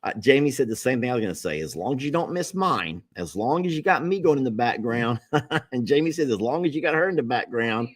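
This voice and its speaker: A man's voice: mid-range voice, big pitch swings, brisk. A middle-aged man hosting a casual livestream and reading viewer comments aloud, in an easygoing drawl. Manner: easygoing drawl, laughs easily. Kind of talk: casual live chat.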